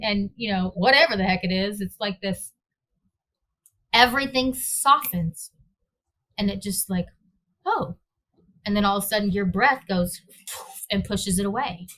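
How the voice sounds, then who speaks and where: A woman's voice: mid-range voice, moderate pace, fairly bright tone. A woman guest telling a personal story in a rambling way, searching for words and acting out her own reactions. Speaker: interview guest.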